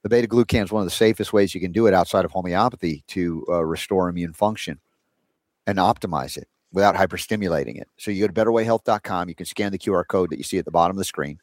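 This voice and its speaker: A male talk show host with a low voice, chatting in a loose, rambling way full of fillers and restarts. His voice is recorded close and dry, with no room sound. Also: quick pace, darkish tone, no room sound. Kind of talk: casual talk show chat.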